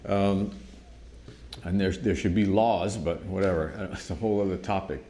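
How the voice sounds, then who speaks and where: Brief: man, drum teacher, lower voice, animated storytelling with frequent restarts. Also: moderate pace, noisy background. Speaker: drum instructor. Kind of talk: casual storytelling monologue.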